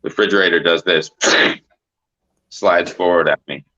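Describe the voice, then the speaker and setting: A man's voice: low voice, fairly even intonation, normal speed, pushed and bright. A man hosting a casual livestream chat, rambling and swearing with lots of filler words. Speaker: host. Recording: dull lo-fi stream audio.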